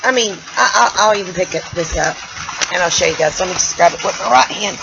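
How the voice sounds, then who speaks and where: A woman's voice: fairly low pitch, fast talker, gravelly, lo-fi sound, noisy background. A woman from the United States venting angrily in a personal vlog, stumbling and repeating herself and sounding a little loopy. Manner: angry, venting, stumbling over words. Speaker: vlogger. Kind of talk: emotional personal vlog rant. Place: home room.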